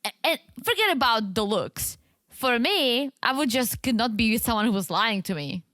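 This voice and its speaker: A woman's voice: on the high side, animated, normal speed, fairly bright tone, no room sound, studio quality. A woman co-hosting a podcast, chatting casually and thinking aloud while recapping a reality show. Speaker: podcast co-host.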